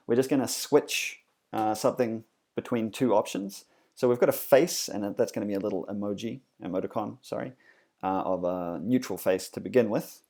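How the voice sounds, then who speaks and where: A man's voice: lowish voice, vocal fry, a little mellow. A man teaching a coding lesson in a casual, explanatory way, with frequent fillers and self-corrections. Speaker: instructor. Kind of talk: screencast coding tutorial.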